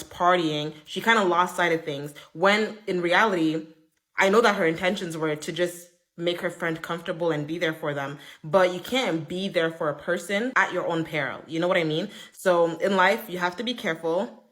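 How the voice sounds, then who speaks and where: A woman with a slightly low voice tells a story in casual chat. She talks in an emphatic, chatty way, leaning on fillers. Her quoted friends jump up in pitch. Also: normal speed, fairly bright tone. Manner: chatty, emphatic, full of "like" and "okay?".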